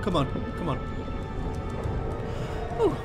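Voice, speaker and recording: A man commentating on a video game as he plays, reacting with excitable, loud outbursts and swearing. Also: slow pace, music in the background. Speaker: let's play gamer. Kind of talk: live gameplay commentary.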